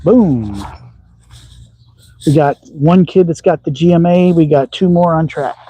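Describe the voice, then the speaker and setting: A man's voice: on the high side, a little slow, warm tone, slightly rough, dry recording, low-quality recording. A middle-aged man from Texas with a slight Southern accent, chatting casually and folksily on a livestream from his backyard shooting range. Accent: slight Southern with a touch of upper Midwest. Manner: folksy and rambling, with frequent ums. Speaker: slingshot channel host.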